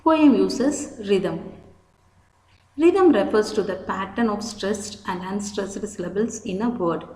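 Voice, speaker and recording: Slow, echoey woman teacher. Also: medium pitch, a little mellow. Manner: patient, spells words out, self-corrects. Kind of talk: slow explanatory lecture.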